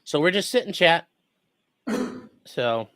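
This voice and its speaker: A man's voice: a little high, expressive, slow pace, a bit bright, dry recording. A man who is a defense attorney, giving loose, profane, chatty live-stream commentary on a trial.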